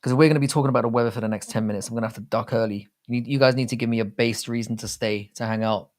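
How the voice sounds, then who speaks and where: A young Englishman from England with an English accent hosts a live chat stream, his medium-pitched voice racing along with fairly even intonation and a darkish tone. He rambles casually, swears often and reads viewer comments aloud.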